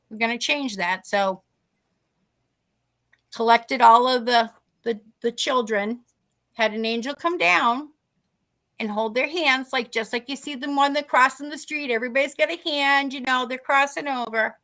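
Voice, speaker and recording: A woman's voice: sits high, moderate pace, sharp tone. A middle-aged woman telling a ghost story on a podcast in casual talk, acting out the people she quotes. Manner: acts out quoted people in dialogue. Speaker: guest telling a paranormal story.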